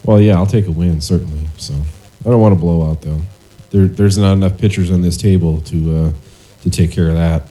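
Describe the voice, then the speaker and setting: A man with a very deep, mellow voice talks earnestly as a guest in a bar chat. He repeats and restarts his words as he goes. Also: steady tone, fairly quick, low-quality recording. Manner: earnest, hesitant sports talk. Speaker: guest, fan group founder. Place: tavern.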